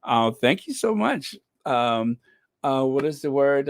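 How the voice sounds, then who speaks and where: A man's voice: medium pitch, big pitch swings, takes it slowly, no echo, clean studio sound. A man hosting a casual live stream, greeting viewers by name and chatting with jokey asides.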